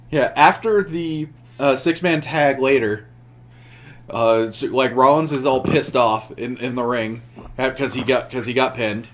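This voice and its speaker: Rambling young man recapping wrestling. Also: on the high side. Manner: rambling, many restarts, laughs while telling. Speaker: podcast co-host. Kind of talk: casual chat recapping wrestling.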